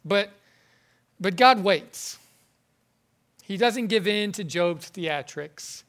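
A man preaching a sermon in an earnest, halting way, often repeating words as he goes. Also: high-pitched, animated, fairly bright tone. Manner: earnest, halting, with frequent word repetitions.

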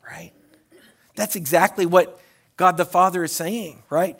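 A man preaching a sermon as a pastor, shifting between loud hollering and hushed tones and often repeating words as he restarts phrases. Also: a little high, a little slow, creaky.

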